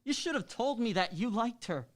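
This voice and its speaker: A man's voice: very high-pitched, animated, moderate pace. A young man's hesitant voice, stammering and pleading, as an actor reads the part. He plays someone full of remorse toward the people he hurt. It comes from a live reading of a new play. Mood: defensive. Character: young man, remorseful cheating boyfriend and friend.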